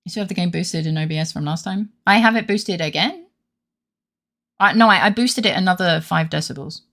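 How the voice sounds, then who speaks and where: A woman's voice: fairly low pitch, fairly quick, a bit bright. A woman streamer in a casual gaming livestream, rambling and self-deprecating, with mumbled asides.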